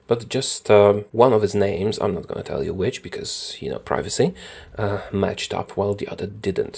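A man gives casual gameplay commentary, thinking out loud about each move. His voice is mellow and a little husky, and his pitch moves around a lot. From Poland. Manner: chatty, thinks aloud while playing. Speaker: strategy game YouTuber.

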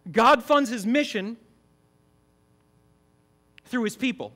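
High-voiced emphatic pastor. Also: male voice, takes it slowly, bright, forceful tone. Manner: emphatic, asks the congregation questions. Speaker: campus pastor. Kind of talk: sermon.

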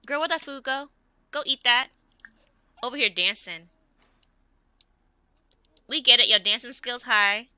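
A young woman giving casual gameplay commentary, getting exasperated and yelling at the characters on screen. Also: a little high, unhurried, long pauses, clean tone, dry recording. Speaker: let's play gamer.

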